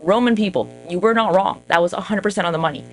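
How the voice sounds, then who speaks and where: A woman telling history as casual comedy, irreverent and profane, slipping into quick voices for the people she quotes. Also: fairly low pitch, slight background noise. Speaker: history storyteller.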